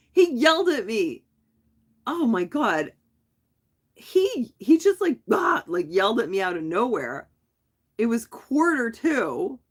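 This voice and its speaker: Rambling woman vlogger, chatty. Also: medium pitch. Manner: rambling, animated storytelling with restarts. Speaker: live-stream vlogger. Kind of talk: casual chat.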